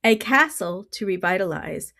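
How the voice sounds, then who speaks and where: Gravelly middle-aged woman reviewing books. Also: mid-range voice, lively intonation, normal speed, bright, forceful tone. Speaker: book reviewer. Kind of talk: scripted book review vlog.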